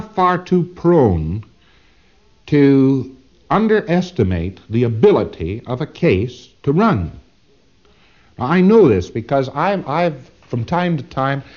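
A man lectures to a class in a rambling, emphatic way, doubling back on his words. His pitch rises and falls a great deal. The recording is a dull, lo-fi old tape. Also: darkish tone.

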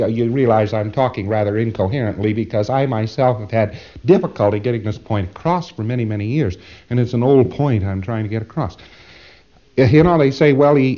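A man's voice: fairly high pitch, a little mellow. Guy lecturing a class, rambly and emphatic, repeats himself, voice swings all over, muffled old tape. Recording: dull lo-fi tape recording.

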